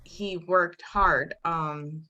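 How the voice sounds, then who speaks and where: A woman's voice: deep voice, fairly even intonation, drawn-out words, sharp tone, highs cut off, slight background noise. A woman talking as a podcast guest, reflective and a bit hesitant, with many fillers. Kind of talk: casual podcast chat.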